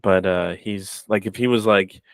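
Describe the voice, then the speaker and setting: Low-voiced, joking male co-host. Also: steady tone, unhurried, creaky, no echo. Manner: loose, joking, full of fillers. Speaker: podcast co-host. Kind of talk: casual sports podcast chat.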